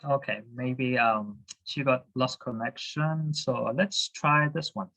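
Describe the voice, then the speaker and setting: A man's voice: mid-range voice, slow, bright, forceful tone, poor audio. A man teaching a class over a video call, hesitant, with many fillers and restarts. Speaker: Spanish teacher.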